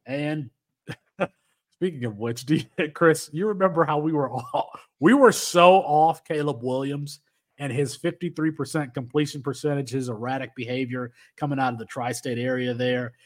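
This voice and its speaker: A man's voice: medium pitch, moderate pace. A man hosting a sports podcast in casual chat, rambling with many restarts. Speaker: podcast host.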